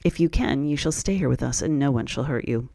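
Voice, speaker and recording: Man reading gentle little storybook dwarf, kindly, soft offer, dry close recording. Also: mid-range voice, lively intonation, fairly quick, creaky, dry recording.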